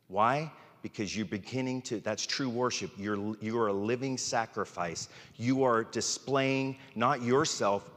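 A man's voice: on the low side, fairly bright tone, in a large hall. A male pastor preaching a candid, informal sermon from the pulpit, speaking frankly and poking fun at himself. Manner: candid, informal, self-deprecating. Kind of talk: conversational sermon. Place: church sanctuary.

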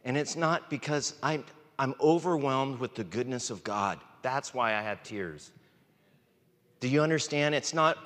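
An earnest, emotional man preaches, his voice holding a middle pitch. He sounds close to tears at times, and a long hall reverb trails behind his words. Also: measured pace, a bit bright. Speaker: pastor. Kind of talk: sermon.

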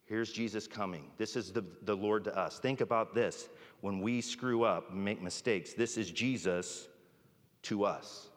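Low-voiced man preaching in a reverberant hall. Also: a little slow. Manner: conversational, often adds "right?". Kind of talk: sermon. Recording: long reverb of a large hall.

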